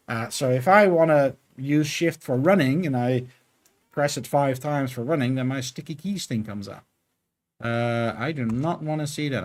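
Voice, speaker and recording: A man streaming his game development work, chatting casually and thinking aloud with many fillers. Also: medium pitch. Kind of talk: casual live coding stream.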